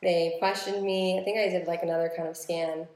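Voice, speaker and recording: A woman in her twenties chats casually, padding her stories with filler words. Her voice sits a little low. It is captured on a phone in an echoey room. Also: level tone, fairly quick, a little mellow. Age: 20s. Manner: chatty storytelling with many "like" fillers. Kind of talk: casual chat. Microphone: phone recording. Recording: roomy phone recording.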